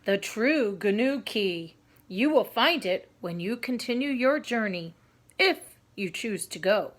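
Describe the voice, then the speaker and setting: Woman doing a booming wise white tiger. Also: lively intonation. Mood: solemn. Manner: slow, loud, solemn commands.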